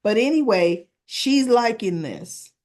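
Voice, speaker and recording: A woman casually recapping soap opera episodes, chatty and animated, briefly mimicking characters and sometimes searching for words. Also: fairly high pitch, takes it slowly. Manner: searches for words with restarts and fillers.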